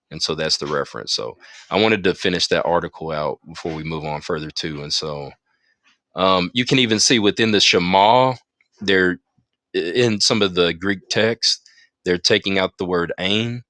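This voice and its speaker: A low-pitched man with a sharp tone reads aloud from scripture as he leads a Bible study, frequently interrupting himself with emphatic remarks to his audience. Though he's on a phone in an audio chat room, the recording sounds studio quality with no room sound.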